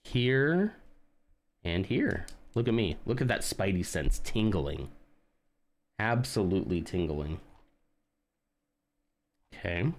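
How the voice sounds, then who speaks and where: Lively low-voiced man chatting on stream. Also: slow pace, pauses often. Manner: chatty, reads and answers chat, joking and self-mocking. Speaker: live streamer. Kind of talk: casual live-stream chat while building a model.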